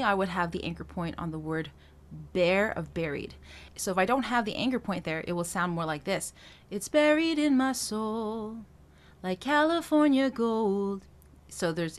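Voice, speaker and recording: A woman vocal coach explaining singing technique, talking through each point with filler sounds and quick checks with the listener. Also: fairly low pitch. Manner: talks through points with frequent "um" and checks of "right?".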